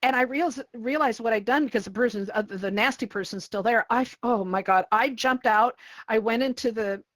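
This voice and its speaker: A woman hosting a casual panel chat, telling lively stories and acting out what people said. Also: on the high side, fairly quick, dry recording, low-quality recording. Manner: animated storyteller, acts out quotes. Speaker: host and VR community moderator.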